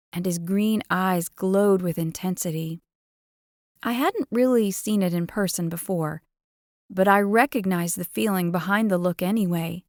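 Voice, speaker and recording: Lady reading a romance audiobook, playful and expressive, super dry close mic. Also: mid-range voice, dry recording. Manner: expressive, playful first-person storytelling. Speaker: audiobook narrator. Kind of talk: first-person romance audiobook narration.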